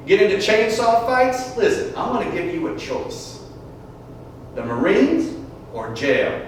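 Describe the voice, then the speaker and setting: A man's voice: high voice, sing-song, measured pace, far from the mic, voice pushed up. A man voicing a stern old military judge who barks orders. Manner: barking, commanding. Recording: echoey live stage from afar, noisy.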